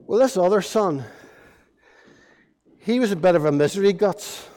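Male preacher, playful storyteller for kids, high voice, church-hall reverb. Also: moderate pace. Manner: lively, playful storytelling to children. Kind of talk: all-age sermon storytelling.

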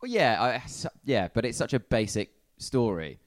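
A young man from England, a comedian guest on a live podcast, chatting in a wry, self-deprecating way and often trailing off into quiet asides. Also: mid-range voice, sing-song, normal speed. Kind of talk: casual live podcast chat. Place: live venue in front of an audience.

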